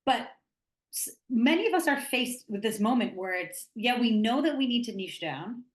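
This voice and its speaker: A woman's voice: on the high side, animated, moderate pace, echoey room. A woman hosting an interview podcast, asking long, thoughtful, rambling questions full of fillers. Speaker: podcast host. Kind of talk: conversational interview.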